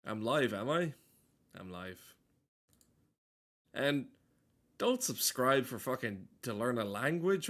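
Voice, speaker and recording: A man's voice: medium pitch, very animated, slow, pauses often, a bit bright. A man streaming a game live, making sarcastic, profane, joking asides over the cutscenes. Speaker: gaming streamer. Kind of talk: casual live-stream commentary.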